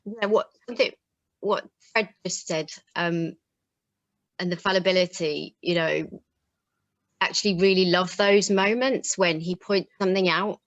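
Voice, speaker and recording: A woman on a video call speaking thoughtfully, pausing and searching for her words. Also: fairly low pitch, fairly even intonation, no room sound, lo-fi sound. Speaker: panel guest. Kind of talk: casual conversation on a video call.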